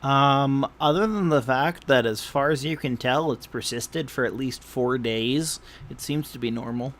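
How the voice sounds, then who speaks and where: A man in a middle-pitched voice runs a tabletop game at a slow, unhurried pace. He hesitates often and fills the gaps with fillers. Faint noise hangs behind him. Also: a bit bright. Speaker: game master.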